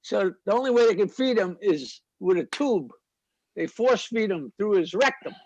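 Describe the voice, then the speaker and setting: A man tells joke after joke in a high, husky voice. He drops into quick character voices and laughs at his own punchlines. The sound is dry and close. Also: expressive, a little mellow, dry recording, muffled recording. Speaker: stand-up comedian. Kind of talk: joke telling.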